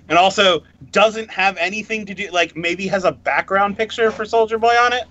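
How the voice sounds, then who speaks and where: Excitable, bright-voiced podcast co-host man. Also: high-pitched, lo-fi sound. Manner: rambling, excitable, laughs often. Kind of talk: casual chat.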